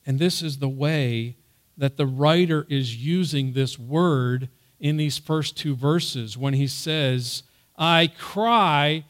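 A man teaching a Bible passage in an earnest sermon style, raising his voice on the quoted words. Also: medium pitch. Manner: earnest, loud on emphasized quotes.

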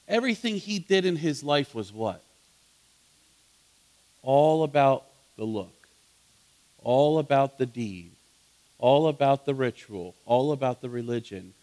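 A man teaching a Bible study as pastor, asking his listeners questions and swinging between loud emphasis and soft asides. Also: mid-range voice.

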